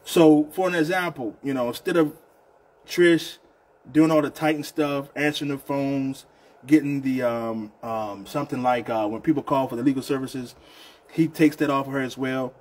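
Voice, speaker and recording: A man's voice: medium pitch, normal speed, darkish tone. A man with a Southern US accent hosting a casual union live show, talking loosely and repeating himself, often calling people "man". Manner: loose, repetitive, chatty, says "man" often. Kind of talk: casual live-stream talk.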